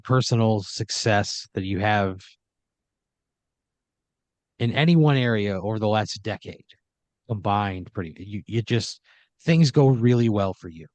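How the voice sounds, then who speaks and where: A man's voice: fairly low pitch, no echo. Man improvising horror comedy, dry sound. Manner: second-person narration with frequent "like" fillers. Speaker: podcast host, storyteller.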